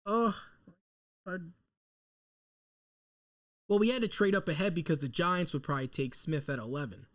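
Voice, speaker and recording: A man, hosting a live draft reaction stream and rambling nervously as an excitable fan into a desk mic. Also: fairly high pitch, normal speed. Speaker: sports fan host.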